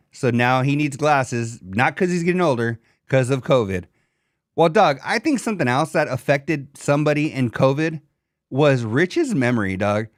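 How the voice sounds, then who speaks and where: A young man co-hosting a casual comedy podcast, animated and swearing, slipping into mocking voices of others. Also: mid-range voice, dry recording, studio quality. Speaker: podcast co-host.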